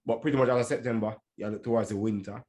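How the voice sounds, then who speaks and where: A man's voice: lowish voice, fairly even intonation, very fast, a little mellow. Easygoing man co-hosting a podcast. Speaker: podcast co-host. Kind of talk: casual podcast chat.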